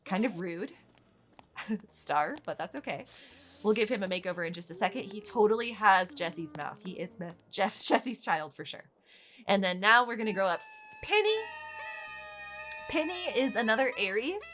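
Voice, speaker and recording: Bright, lively woman gamer, swearing freely. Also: medium pitch, normal speed. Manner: exasperated, swears freely, laughs often. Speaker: gaming channel host. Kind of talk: casual gameplay commentary.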